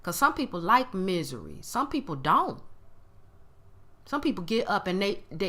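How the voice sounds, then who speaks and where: A woman's voice: mid-range voice, bright, forceful tone. A woman giving a motivational talk to camera, emphatic and given to acting out other people's tones. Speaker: motivational speaker.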